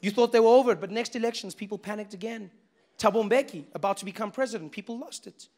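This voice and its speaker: A young man with a South African accent doing an animated stand-up set. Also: high-pitched, fast talker. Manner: animated storytelling, shifting into voices. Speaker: stand-up comedian. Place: live stage with audience.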